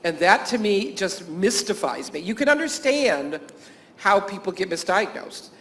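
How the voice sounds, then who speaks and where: A man's voice: high voice, sing-song, a little slow, bright, forceful tone, a little hiss or hum. A man who teaches and works at a camp, giving a conference talk to health professionals, full of anecdotes, frequent chuckles, fillers and restarts. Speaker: teacher and camp staff speaker.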